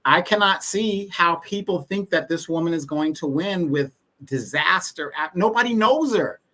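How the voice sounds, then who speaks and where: A man's voice: fairly high pitch, lively intonation, normal speed, bright, forceful tone. A man as guest co-host in a casual political chat, speaking in an emphatic, opinionated way.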